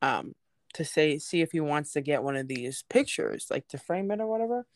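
Young woman, kinda low voice, laughs a lot, acts out quotes, dry close sound. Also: lively intonation, normal speed, no room sound. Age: young adult. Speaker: storyteller. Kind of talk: casual chat.

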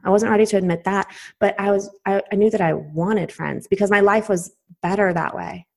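A woman's voice: on the low side, a little mellow. A young adult woman hosting a solo motivational podcast, speaking earnestly and personally, encouraging listeners directly and laughing now and then. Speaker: podcast host.

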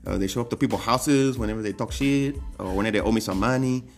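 A man's voice: lowish voice, fast, lightly acted. A man voicing a crude, stoned retired male drug runner who rambles in profane Chicano slang with a slurred, laid-back delivery, over faint background music. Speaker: comedy guest character.

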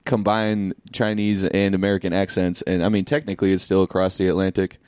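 A man co-hosting a podcast, making dry deadpan jokes in casual chat. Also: low voice, a little fast, smooth, no echo. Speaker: podcast co-host. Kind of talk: casual comedic banter.

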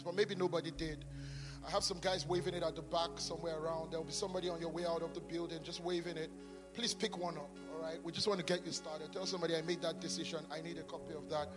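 A man with a high-pitched voice preaches with fervor, repeating blessings again and again as he leads an altar call. His voice rings out through a large church with a long, echoing reverb. Music plays steadily behind him. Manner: fervent, repeats blessings over and over. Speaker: pastor. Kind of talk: sermon altar call and prayer.

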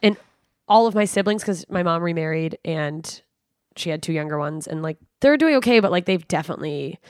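A young woman, a comedian guest, talking candidly on a podcast in a blunt, profane, lively way. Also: lowish voice, brisk, no echo, clean studio sound.

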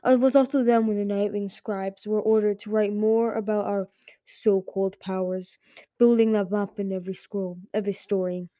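A woman reading aloud as a weary old male dragon, near death and aloof. He talks dryly and slowly, faintly amused, in a mellow, dark-toned voice. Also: fairly even intonation, no echo, natural voice. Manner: dry, faintly amused, low and slow.

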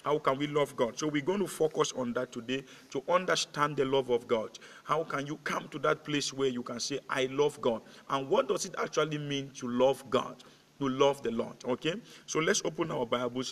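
Preaching pastor in a reverberant hall. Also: male voice, medium pitch, moderate pace. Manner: preaching with repeated rallying calls to the congregation. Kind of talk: sermon.

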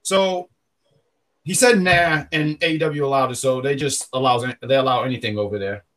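A man's voice: mid-range voice, moderate pace, a bit bright. A man hosting a podcast in casual, rambling chat, often stopping to correct himself. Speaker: podcast host.

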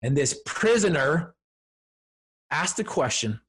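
A man's voice: fairly high pitch, big pitch swings, slow pace, fairly bright tone, slight background noise. Earnest man telling a personal story. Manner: earnest and emphatic, builds to declarations. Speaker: podcast guest. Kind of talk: personal story told in conversation.

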